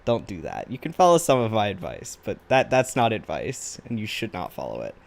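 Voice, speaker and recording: A man's voice: lowish voice, wildly swooping pitch, fairly quick, gravelly. A tired man chatting casually and rambling in a self-deprecating way while he draws on camera. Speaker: artist drawing on camera. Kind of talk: casual chat while drawing.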